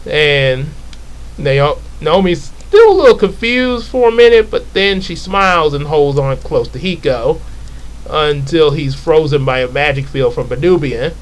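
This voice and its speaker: Man, fairly high voice, casual storytelling, rambling asides, self-corrections. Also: animated, unhurried, low-quality recording. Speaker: comic book author.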